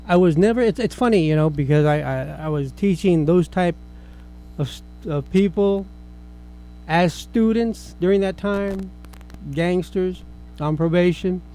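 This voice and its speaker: A man's voice: high voice, darkish tone, low-quality recording. A middle-aged man hosting a casual film review chat, rambling and restarting his sentences as he talks. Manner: chatty, rambling, with frequent restarts. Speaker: film review show host.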